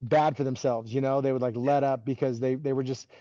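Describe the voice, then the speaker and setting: A man in his forties talks as a podcast guest, his voice mellow and relaxed as he rambles through stories with constant "like" and restarts. The recording is dry and a little dull, as if through modest gear. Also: medium pitch, fairly quick, no room sound. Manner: rambling, heavy use of "like" and restarts. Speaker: podcast guest, former wrestling coach. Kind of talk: casual interview storytelling.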